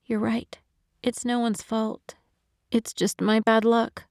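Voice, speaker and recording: A woman voicing a heartbroken young woman who is crying, with a shaky, halting, soft-spoken manner, in an audiobook. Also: fairly high pitch, flat delivery, no echo, studio quality, pitched above the performer's own voice. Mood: tearful. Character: heartbroken young woman, tearful and self-blaming. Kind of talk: audiobook narration.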